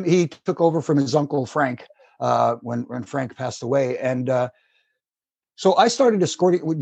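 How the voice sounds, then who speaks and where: A man's voice: mid-range voice, slightly rough, no echo. A middle-aged man, a former wrestling referee telling rambling anecdotes as a guest. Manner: rambling, animated anecdotes with acted quotes. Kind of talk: casual storytelling.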